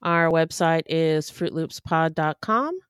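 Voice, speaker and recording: Smooth-voiced woman podcast co-host. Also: deep voice, slow, no echo, clean studio sound. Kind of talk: casual podcast chat.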